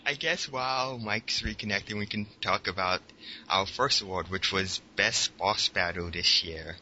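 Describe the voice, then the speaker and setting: A man's voice: lowish voice, normal speed, pushed and bright, a little hiss or hum. A man hosting a casual gaming podcast, loose and joking, laughing often. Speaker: podcast host. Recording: dull lo-fi sound, faint music.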